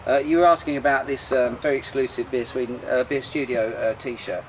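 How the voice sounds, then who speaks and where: A man's voice: mid-range voice, fairly even intonation, a little fast, a little hiss or hum, poor audio. A man hosting a casual beer show outdoors, talking in a rambling, chatty way with lots of fillers and restarts. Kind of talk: casual chat about beer. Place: outdoors in sunshine.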